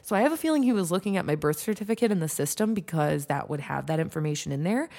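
A young woman from Michigan hosting a podcast, telling a story in a chatty, animated way full of "like". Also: low voice, fast talker, vocal fry. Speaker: podcast host. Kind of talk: casual storytelling.

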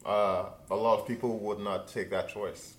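A man's voice: on the low side, steady tone, moderate pace. A man co-hosting an improvised comedy call-in, hesitant and stammering, often trailing off. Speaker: co-host.

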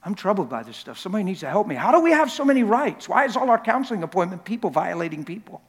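High-pitched guy preaching, hammering words over and over, gets loud, big echoey church hall. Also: very animated, very fast. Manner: emphatic, repeats words for effect, rises to shouting at climaxes; jokes with the crowd. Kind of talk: sermon.

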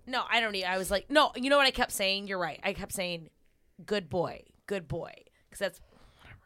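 A woman's voice: medium pitch, animated, quick pace, bright, forceful tone, smooth, no echo. A young woman comedian, a podcast guest, telling a story in casual chat, laughing as she acts out quotes.

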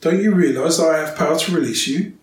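A man's voice: a little high, fast talker, a little hiss or hum, pitched above the performer's own voice, close to an everyday voice. A man reading the part of a stern male Roman governor, with emphatic, raised questioning in a roomy, distant recording. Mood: insistent. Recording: roomy, distant, faint ambience.

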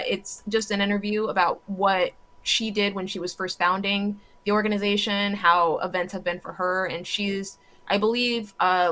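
A woman co-hosting a casual talk show, reporting community news in an upbeat way and spelling out acronyms slowly. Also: medium pitch, sharp tone. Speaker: co-host.

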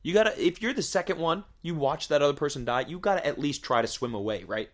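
A man's voice: a little high, animated, fast talker. A man hosting a podcast, rambling through a crude, joking monologue full of swearing and rhetorical questions. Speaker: podcast host. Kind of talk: casual comedic podcast monologue.

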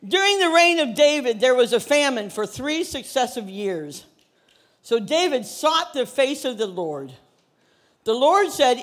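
A woman pastor preaching a sermon, telling a story with lively, casual acted-out dialogue. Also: fairly high pitch, normal speed. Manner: animated storytelling, acts out biblical characters in casual modern speech.

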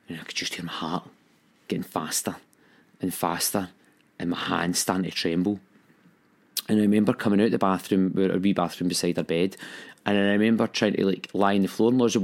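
A young man recounts a hard time in his life, speaking candidly and with feeling. His voice sits a little low, and he acts out the voices he quotes. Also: fairly even intonation, fairly quick. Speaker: storyteller recounting his own experience. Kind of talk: personal storytelling.

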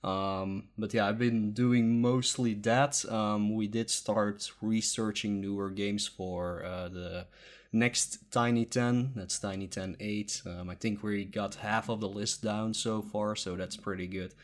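A man's voice: on the low side, steady tone, slow. A sleepy man hosting a casual podcast, rambling with lots of ums and uhs. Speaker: podcast host.

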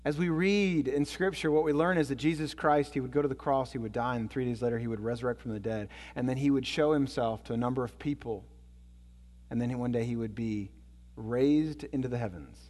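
A man preaching a sermon as a storytelling pastor, swinging from loud, excited passages to hushed, low ones. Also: fairly quick, long reverb tail.

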